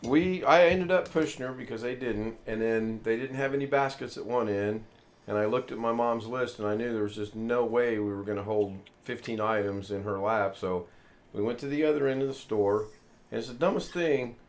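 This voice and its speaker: With a mid-range voice at a moderate pace, a US man hosting a casual live chat wanders through a long anecdote. He acts out the quotes of the people in his story.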